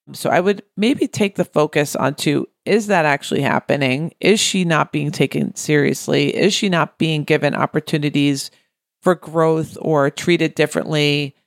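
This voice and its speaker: In studio-quality audio with no room sound, a low-voiced woman co-hosts a casual talk show podcast. She thinks through a listener's problem by posing questions to herself in a thoughtful way.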